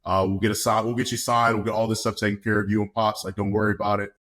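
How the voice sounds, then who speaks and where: Young male podcast guest, lowish voice, relaxed storyteller who laughs a lot. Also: very fast. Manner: laid-back, laughs often, acts out quotes. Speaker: podcast guest, football player. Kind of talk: casual storytelling.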